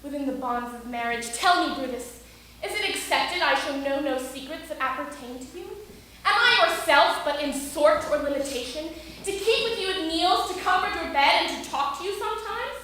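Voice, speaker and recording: A woman's voice: high-pitched, expressive, moderate pace, sharp tone, a little hiss or hum. A woman playing Portia, a devoted Roman wife pleading with her husband in an amateur stage production. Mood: insistent. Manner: pleading, insistent verse delivery. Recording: echoey room.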